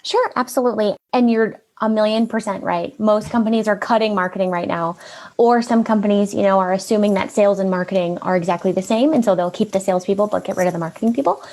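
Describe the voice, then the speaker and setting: A woman in her thirties, a marketing consultant guest, chatting casually in a bubbly, upbeat way with a naturally high-pitched voice. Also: fast, darkish tone. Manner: bubbly and upbeat, often laughs. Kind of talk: casual interview chat.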